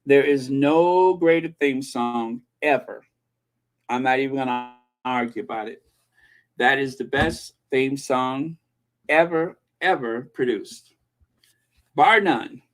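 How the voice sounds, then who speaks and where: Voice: mid-range voice, slow. A channel host chatting casually, opinionated and breaking into snatches of old TV theme songs. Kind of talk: casual chat.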